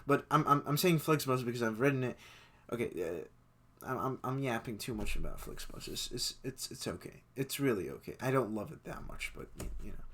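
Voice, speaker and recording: A man's voice: mid-range voice, animated, a little fast, a bit bright. A man in his twenties chatting through a list of things he loves, enthusiastic and stumbling over repeated words. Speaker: vlogger. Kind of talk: casual chatty list commentary.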